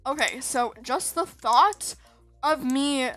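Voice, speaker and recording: A woman's voice: high voice, slow pace, fairly bright tone, faint music behind. A woman chatting casually over her gameplay, rambling and giggly, sleepy from staying up. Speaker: gaming video host.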